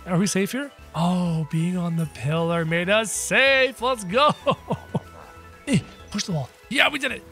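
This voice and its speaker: A man giving excitable gameplay commentary with role-play, often breaking into shouts. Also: sits high. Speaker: gamer playing as a character.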